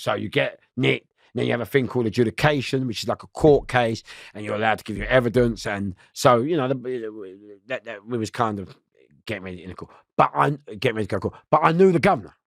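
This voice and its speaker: A man telling a prison story in an interview, animated and swearing, acting out voices and laughing often. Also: mid-range voice, fairly quick, creaky, no room sound, clean studio sound. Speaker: interview guest.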